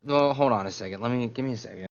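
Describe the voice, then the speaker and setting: A man's voice: medium pitch, rapid-fire, highs cut off, crowd noise. A man playing a tabletop role-playing game, talking bluntly and swearing freely. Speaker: player.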